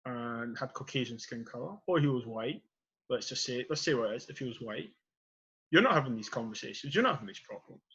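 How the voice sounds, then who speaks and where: This podcast host makes his case with real passion, peppering a casual debate with "you know" and "period." His medium-pitched voice is expressive and fairly quick, bright and forceful, a touch rough, and the recording sounds muffled.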